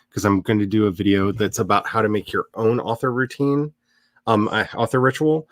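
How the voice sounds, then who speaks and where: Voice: mid-range voice, fairly bright tone, no room sound. A writer hosting a casual livestream, chatting in a rambling way and laughing often. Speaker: host of a writing livestream.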